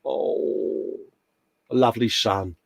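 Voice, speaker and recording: A man's voice: fairly low pitch, slow, creaky, husky. A middle-aged English man co-hosting a casual live chat, jokey and full of friendly slang, calling everyone mate. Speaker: co-host.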